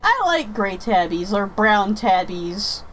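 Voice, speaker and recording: A woman chatting casually while playing a game, rambling and thinking out loud with many restarts. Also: mid-range voice, big pitch swings, takes it slowly, faint music behind, rough recording. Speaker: gaming streamer chatting with viewers. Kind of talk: casual chat over gameplay.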